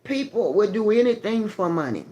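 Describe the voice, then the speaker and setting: A woman's voice: mid-range voice, big pitch swings, moderate pace, warm tone. A woman on a live stream giving an emphatic, profane, preaching testimony and greeting her chat viewers by name. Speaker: livestreamer.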